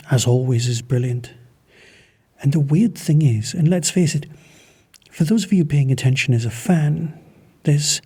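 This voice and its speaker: A man's voice: mid-range voice, dark tone, breathy edge. A man from Manchester hosting a podcast, giving a casual, rambling and enthusiastic spoken review. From Manchester, England. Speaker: podcast host reviewing audio dramas.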